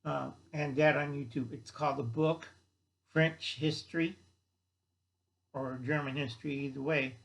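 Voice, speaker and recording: A man's voice: on the high side, fairly even intonation, a little slow, creaky, long pauses, a bit bright, poor audio. A man hosting his own channel, giving a blunt, folksy, rambling monologue. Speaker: channel host.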